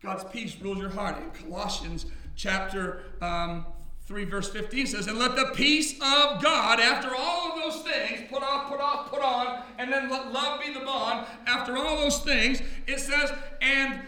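A middle-aged man preaching a sermon in a loud, booming drill-instructor voice, heard in a church hall. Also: fairly even intonation, a little slow. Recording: echoey hall from far off.

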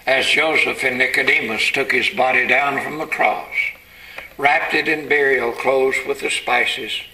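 A man preaching a sermon, telling the story dramatically and building to shouted climaxes. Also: medium pitch, rough recording.

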